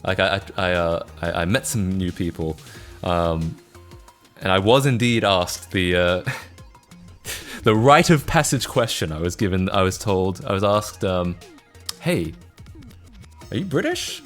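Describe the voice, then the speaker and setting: A tired young Australian man chats casually with his live-stream audience, rambling, laughing often, and restarting with plenty of fillers. His voice is deep with a fairly bright tone, unhurried and full of frequent pauses, with faint music in the background.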